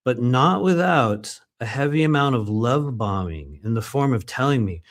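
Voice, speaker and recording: A man's voice: medium pitch, expressive, moderate pace. A man reading aloud from his own book, often breaking off into chatty, swearing asides with frequent laughter.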